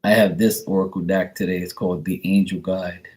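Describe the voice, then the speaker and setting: Blunt low-voiced tarot reader. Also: male voice, flat delivery, fairly quick, a little mellow. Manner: blunt, profane, rambling storyteller. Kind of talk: casual live stream chat.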